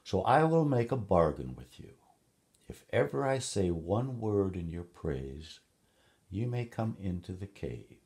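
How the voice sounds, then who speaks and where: A man's voice: sits low, big pitch swings, unhurried, a little mellow, pitched above the performer's own voice, heavily acted. A man doing a firm, mocking cave woman. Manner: raised, laughing, commanding.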